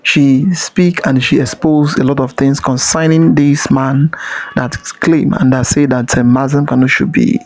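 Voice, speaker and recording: A man comments as a channel host in a gravelly, flat voice that hardly moves in pitch. He talks in short, halting fragments and keeps restarting his sentences. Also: rough recording. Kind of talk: casual commentary.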